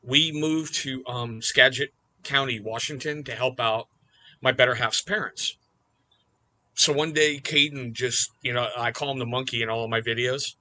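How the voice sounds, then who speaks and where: A man's voice: medium pitch, fairly even intonation, normal speed, pushed and bright, low-quality recording. A man who is a podcast guest, openly telling heartfelt personal stories in casual conversation. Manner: open, heartfelt storyteller. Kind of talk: casual storytelling.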